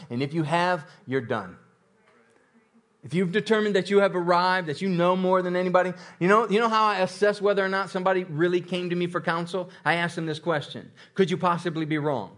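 A man's voice: high-pitched, a little fast, a bit bright. A man preaching a sermon, repeating phrases and building intensity, with occasional laughter. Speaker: pastor.

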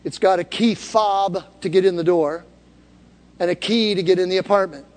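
A high-voiced pastor addresses his congregation in a church hall at a moderate pace, with fairly even intonation. Telling a story in a conversational manner, he builds up to calls for them to repeat after him, and a long reverb tail follows his words.

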